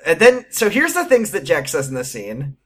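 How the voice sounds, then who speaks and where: A man's voice: fairly high pitch, huge pitch swings, moderate pace, fairly bright tone. A man co-hosting a casual podcast, wryly retelling TV scenes with sarcastic asides. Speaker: podcast co-host. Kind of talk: casual recap chat.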